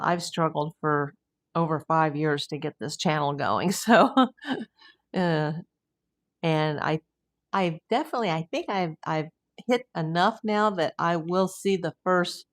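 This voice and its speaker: A woman hosting a casual livestream, chatting with viewers and rambling easily between comments and news. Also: low voice. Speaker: true crime livestream host. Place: home.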